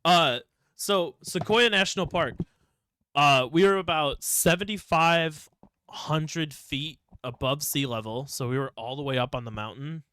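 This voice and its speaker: In a clean, echo-free studio recording, a young man from Ohio co-hosting a podcast chats casually, rambling through stories laced with frequent swearing. His voice is fairly high and pushed, bright and clean, at a measured pace.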